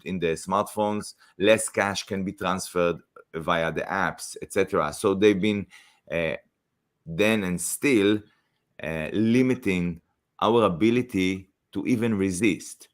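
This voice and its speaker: A man hosting an interview, asking questions in a halting way while searching for words. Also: sits low. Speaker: interview host.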